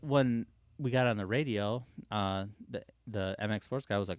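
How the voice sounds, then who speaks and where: A man's voice: lowish voice, moderate pace, dry recording, clean studio sound. A young man, a motocross race official, chatting as a podcast guest and acting out the voices of people in his stories. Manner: animated storyteller acting out quoted voices. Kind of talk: casual storytelling conversation.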